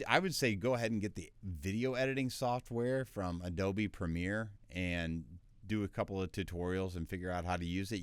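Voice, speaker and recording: A man with a lower voice gives an easygoing tutorial, quick and loose with filler words. He is recorded in a small, dry home space. The tone stays relaxed and informal. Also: clean tone, no echo. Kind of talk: casual tutorial talk.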